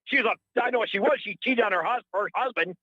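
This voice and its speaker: A man's voice: high voice, a little fast, no echo, dull audio. A middle-aged man calling in to a radio show, ranting in a heated, rambling, indignant way and repeating himself. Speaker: caller. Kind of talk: heated call-in rant.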